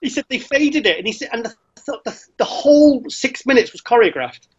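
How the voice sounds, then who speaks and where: A man co-hosting a casual talk show, telling stories with lots of restarts and excitement. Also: very high-pitched, brisk. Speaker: co-host. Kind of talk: casual chat. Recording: slightly dull lo-fi sound.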